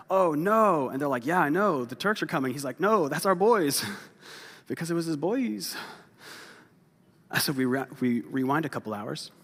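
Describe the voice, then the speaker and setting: A man's voice: medium pitch, fairly bright tone. A male pastor preaching a midweek sermon, telling a history story with humor and acting out voices. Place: church sanctuary. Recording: long hall reverb.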